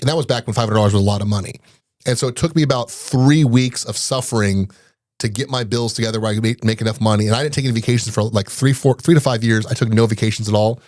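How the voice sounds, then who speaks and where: A man's voice: medium pitch, dry recording, clean studio sound. A man in his forties, a business owner guest telling stories in a casual interview and acting out quoted dialogue. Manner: fast, animated, acts out quoted dialogue.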